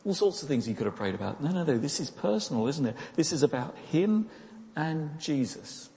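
Man, preacher, sermon, conversational, rhetorical questions, mellow voice, long church reverb. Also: a little high, big pitch swings, a little fast, vocal fry.

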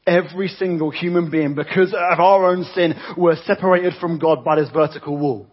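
A man preaches a sermon in a conversational way, often restarting and repeating words. His voice sits somewhat high and has a husky edge. The recording sounds dull and lo-fi. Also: steady tone, normal speed.

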